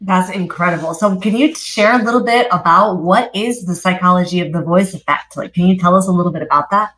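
A woman's voice: fairly low pitch, brisk, fairly bright tone, rough recording. A woman hosting an interview, asking questions and reflecting on her guest's answers with admiration. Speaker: podcast host. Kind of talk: interview chat.

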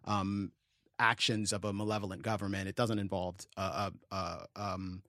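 A man on a podcast talking politics in a measured, analytical way, hedging with frequent ums. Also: sits low, level tone, fairly bright tone, no room sound. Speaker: podcast co-host. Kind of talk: casual political discussion.

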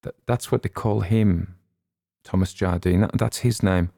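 A man's voice: low voice, a little slow, gravelly, dark tone, no echo, studio quality. A man voicing a tearful, troubled young woman who sounds pleading and hurt. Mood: resigned.

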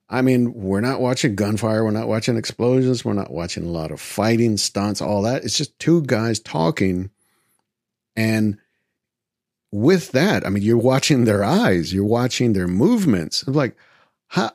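Gravelly-voiced man rambling about films. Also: fairly low pitch, no room sound, studio quality. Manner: rambling and enthusiastic, with many fillers. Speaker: podcast host. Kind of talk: casual film commentary.

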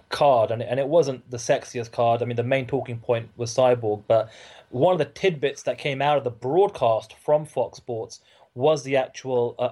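A British man co-hosting a podcast, running through an announced lineup one match after another. His voice is dark and mellow, pitched in the middle for a man, and he reads the list at a brisk clip. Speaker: podcast co-host. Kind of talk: casual chat, reading a fight card.

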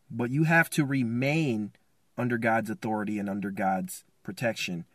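A man hosting a faith podcast, giving impassioned, colloquial advice and pleading out loud in places. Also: medium pitch, no echo, clean studio sound. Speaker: podcast host. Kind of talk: preaching-style advice talk.

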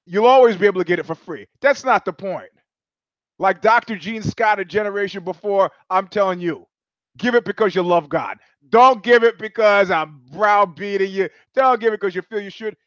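A male host talks through a rambling comic monologue with a high voice, animated and profane. He circles back and restarts his phrases often. The sound is dry and a little dull, like a home stream. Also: no echo.

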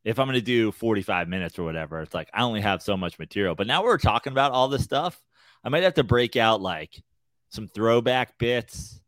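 A man's voice: fairly low pitch, animated, fairly quick, fairly bright tone, no echo. A male comedian co-hosting a podcast, chatting casually and rambling with lots of filler words. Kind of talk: casual chat.

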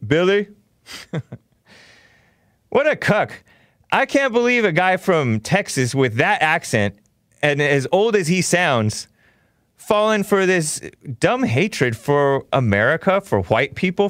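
A man's voice: fairly high pitch, very animated, a little slow, a bit bright, dry recording, studio quality. A man hosting a talk show, ranting in a combative, mocking, rambling way. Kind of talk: casual talk show rant.

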